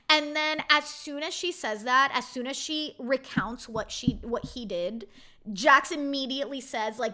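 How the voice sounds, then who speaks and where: Young woman, bright tense voice, blunt indignant recap talk, fairly high. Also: lively intonation, moderate pace. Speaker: reality TV recap host. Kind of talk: casual opinionated recap.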